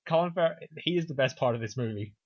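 Talking fast and animatedly, a man with a mid-range voice and a breathy edge co-hosts a podcast, reviewing a film. His casual recap is sarcastic, profane and offhand, captured with dull lo-fi sound.

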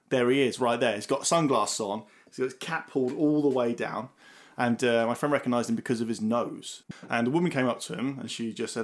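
A man co-hosting a casual film podcast, who swears freely and tells stories in an animated way. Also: mid-range voice, quick pace. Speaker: podcast co-host.

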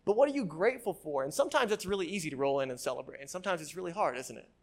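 A male pastor giving a conversational sermon, often repeating words as he restarts and checking in with the congregation with a quick "right?". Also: a little high, expressive. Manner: frequent word repeats and restarts.

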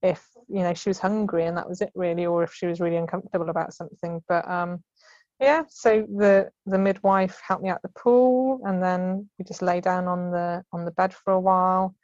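A woman's voice: lowish voice, steady tone, fairly quick, darkish tone, dry recording. Woman in her thirties, chatty storyteller, laughs a lot, dry close sound, slightly muffled call audio. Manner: chatty, laughs often, acts out quoted voices. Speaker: podcast guest. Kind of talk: casual storytelling. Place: at home. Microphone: remote call.

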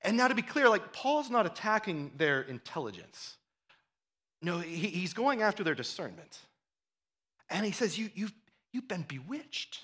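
A man preaching a sermon with a high, bright, forceful voice. He talks like he is chatting with his listeners, repeating and restarting words, then climbs into loud, worked-up stretches. His delivery swings between easy explanation and fired-up intensity. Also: unhurried. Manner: animated preaching that rises to loud, fired-up bursts. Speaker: pastor.

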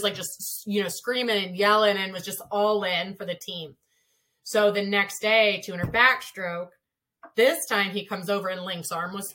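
Woman swim coach, relaxed chatty interview storyteller. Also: mid-range voice. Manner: chatty, frequent "like" fillers, lively retelling. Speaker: swimming and diving coach.

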